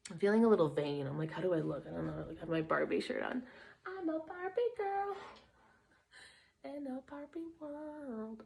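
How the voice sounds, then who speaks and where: A young woman chats her way through a spiritual card reading. She rambles, stops to hunt for words, and breaks into small laughs. Her nose is running. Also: medium pitch. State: runny nose. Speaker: tarot card reader. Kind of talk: casual spiritual vlog talk.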